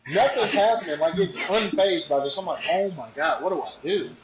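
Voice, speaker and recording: Guy telling a wild story casual and slangy, kinda high voice, echoey room, people laughing in the back. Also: fairly quick, crowd noise. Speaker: podcast guest, hunting ambassador.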